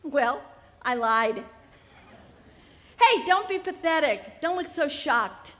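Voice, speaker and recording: A woman's voice: high voice, animated, slow, fairly bright tone, full character voice. A woman voicing a sly, lying male snake in a told story, coaxing and smug. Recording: live festival tent with long reverb.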